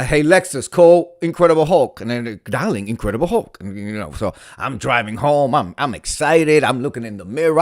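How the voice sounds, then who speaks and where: A man's voice: medium pitch, no room sound, studio quality. A middle-aged man hosting a live stream, telling a long story in a theatrical way and swearing freely. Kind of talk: storytelling monologue.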